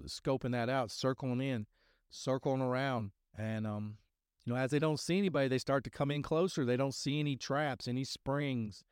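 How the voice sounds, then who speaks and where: A man's voice: medium pitch, clear, resonant tone, dry recording, clean studio sound. A middle-aged man hosting a podcast, telling a story and his own testimony in a rambling, casual way with many fillers and restarts. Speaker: podcast host sharing testimony.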